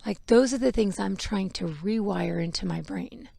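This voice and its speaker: Frank woman with a gravelly edge. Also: mid-range voice, normal speed, mellow, no echo. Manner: frank and emotional, with laughs and the odd swear. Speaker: podcast host; mother. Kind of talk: candid personal storytelling.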